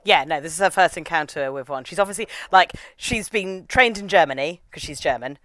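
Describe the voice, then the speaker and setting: A woman chatting through an anime episode with a co-host. Her low voice swings widely as she acts out characters. The sound is close and dry. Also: fairly quick, no room sound. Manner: animated, slangy, acts out characters. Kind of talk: casual anime review chat.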